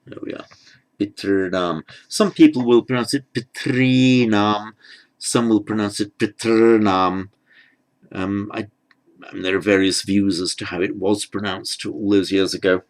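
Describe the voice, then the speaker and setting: A man teaching script letters, talking haltingly as he writes and repeating words as he goes. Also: fairly low pitch. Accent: British. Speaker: language teacher. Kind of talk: handwriting lesson.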